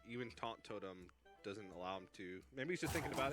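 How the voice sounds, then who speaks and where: A man's voice: lowish voice, expressive, quick pace, fairly bright tone, faint music behind. Analytical male esports co-caster. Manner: analytical, dry jokes. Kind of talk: live esports commentary.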